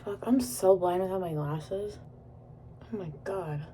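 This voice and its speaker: A young woman casually vlogs at home while doing her makeup, rambling, giggling and swearing freely. Her voice is on the low side and unhurried, picked up far from the mic with background noise.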